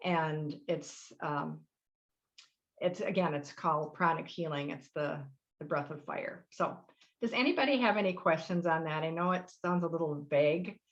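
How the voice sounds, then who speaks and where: A woman's voice: low voice, moderate pace, dull audio. A middle-aged woman hosting a live webinar workshop, explaining practices in a friendly, rambling way with fillers. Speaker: workshop host.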